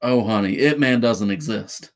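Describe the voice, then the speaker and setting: A man's voice: lowish voice, normal speed, natural voice. A man voicing an uneasy mother who curtly warns her son in a spoken horror story.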